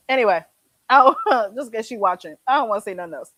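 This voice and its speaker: A woman's voice: a little high, a little fast, no echo. A woman co-hosting a casual live stream from her couch, telling stories with a lot of laughter. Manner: animated storyteller, laughs often, chews while talking. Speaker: co-host. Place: home couch.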